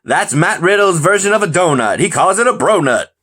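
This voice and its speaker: A man's voice: high-pitched, lively intonation, brisk, pushed and bright. A man hosting a casual podcast chat, rambling, joking and tripping over his words. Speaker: podcast host.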